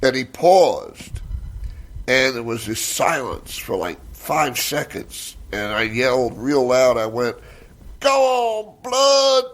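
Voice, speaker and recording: An older man, a comedian, chatting casually and rambling through stories with lots of fillers and swearing, relaxed and mellow after a massage. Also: medium pitch, takes it slowly. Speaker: stand-up comedian guest. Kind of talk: casual chat.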